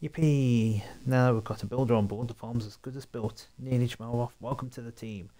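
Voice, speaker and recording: A man's voice: medium pitch, fairly even intonation, moderate pace, warm tone, close to an everyday voice. A man voicing an eager, upbeat young farm girl in a video game, reading her lines aloud.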